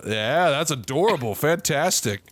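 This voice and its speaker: A man's voice: a little high, animated, normal speed, a bit bright, slight background noise. A man doing a murderous foul-mouthed Santa. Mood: sneering. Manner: crude, swearing, swings into sudden rants. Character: menacing murderous Santa Claus, cruel and unhinged. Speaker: improv comedy performer. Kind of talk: improvised comedy scene.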